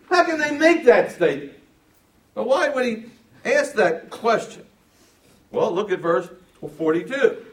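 Man, preacher, Bible sermon, fairly high voice, emphatic, asks the crowd questions, church room, distant mic. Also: big pitch swings, measured pace. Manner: emphatic, shifts from quiet to loud, asks the audience questions. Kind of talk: sermon, verse-by-verse Bible teaching. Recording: roomy sound from a distance.

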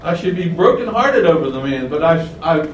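A man's voice: a little high, expressive, normal speed, dull audio. A man preaching a sermon, emphatic, with many rhetorical questions, in a windowless room. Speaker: pastor. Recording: roomy, distant mic, faint hum.

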